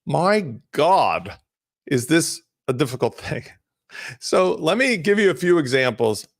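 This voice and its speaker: A middle-aged man hosts a live business webinar with a slightly high, gravelly voice. His pitch swings a lot as he jumps energetically from one example to the next. The sound is dry and close, with no room echo. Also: a little slow. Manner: energetic, conversational, jumps between examples and screen-sharing. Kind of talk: casual live webinar teaching.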